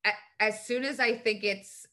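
A woman's voice: mid-range voice, moderate pace. A woman speaking as a podcast guest, telling candid personal stories in casual, profane conversation. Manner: candid, profane, animated storytelling.

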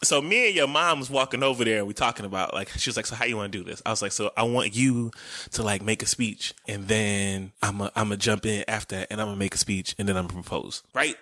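A man's voice: fairly low pitch, quick pace, bright, forceful tone, dry recording. A man co-hosting a podcast with his wife, casually telling a story, laughing and swearing now and then. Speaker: podcast co-host.

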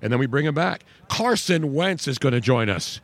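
A male sports radio host talking casually with a co-host. He rambles and jokes at a mid-range pitch. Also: lively intonation, normal speed. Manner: chatty, jokey, rambling.

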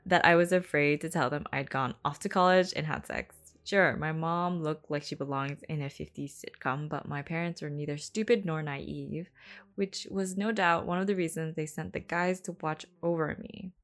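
A woman reading a romance novel aloud for her podcast, laughing often and breaking off for chatty asides, sometimes dropping to a whisper. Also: lowish voice. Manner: giggly, breaks off to comment and laugh; drops to a whisper for hushed passages. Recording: soft background music under the voice.

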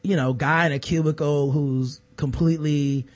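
A man co-hosting a casual news discussion podcast, talking in an animated way and acting out the voices of people he quotes. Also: fairly high pitch, normal speed. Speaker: podcast co-host.

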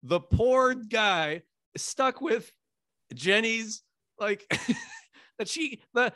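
A man's voice: extremely high pitch, sing-song, drawn-out words, pushed and bright, no echo, clean studio sound. A man co-hosting a podcast in casual chat, rambling with hesitant fillers. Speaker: podcast co-host.

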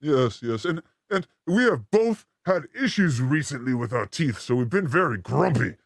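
A man hosts a comedy live stream with playful, theatrical energy. His voice leaps from high squeaks to low growls within a few words, and it sounds close and dry with no room around it. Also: big pitch swings, normal speed, gravelly, no echo. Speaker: show host.

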